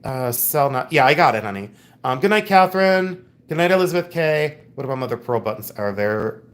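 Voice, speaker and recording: A man's voice: mid-range voice, animated, brisk, fairly bright tone. A middle-aged man hosting a casual livestream from home, chatty and playful, reading viewer comments aloud. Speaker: livestream host.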